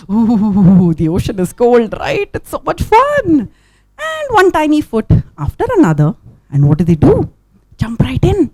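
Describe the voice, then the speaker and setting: A woman telling a story to children at a live event, animated, full of sound effects, who keeps asking her audience questions. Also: fairly high pitch, unhurried, husky, no room sound.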